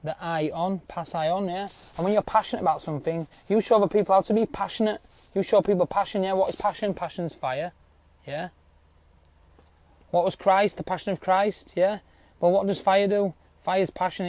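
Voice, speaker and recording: A man's voice: high voice, normal speed, a little mellow. A man with speech ranting to viewers in a rambling, insistent way, swearing often and adding "yeah?" to his points. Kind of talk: casual rant to viewers.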